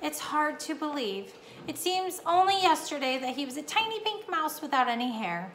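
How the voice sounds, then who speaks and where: Casting: a woman reading an anxious mother mouse in a storybook, high and worried. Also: very animated, normal speed, a bit bright. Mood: fretful. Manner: fretful, anxious questions. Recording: echoey room, faint hum.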